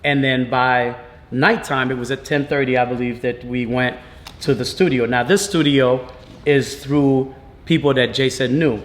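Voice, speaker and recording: A man, a father, telling a personal story to camera in a halting, emotional way, full of fillers and restarts. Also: medium pitch, steady tone, echoey room.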